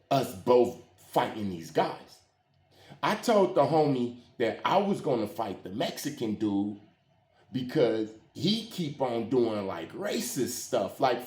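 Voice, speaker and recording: Man with lively street talk. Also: medium pitch. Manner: slangy street talk with frequent "you hear what I'm saying". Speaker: storyteller. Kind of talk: casual story time. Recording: roomy echo.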